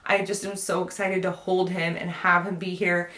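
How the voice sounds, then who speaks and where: A young woman with a drawl talks straight to her viewers in a chatty, heartfelt update. Her voice sits a little low. The room around her is echoey. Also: level tone, moderate pace, a bit bright. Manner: chatty, emotional, tearful at times. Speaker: vlogger. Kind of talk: casual personal update to viewers.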